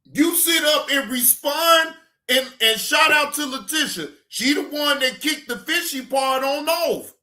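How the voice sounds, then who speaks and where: A male reaction channel host giving heated, profane ranting commentary, often shouting. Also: very high-pitched, unhurried, echoey room.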